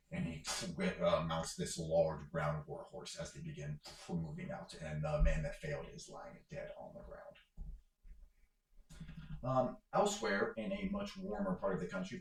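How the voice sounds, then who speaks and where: Brief: male game master, deep creaky voice, loose rambling narration, echoey room. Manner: rambling, filler-heavy narration.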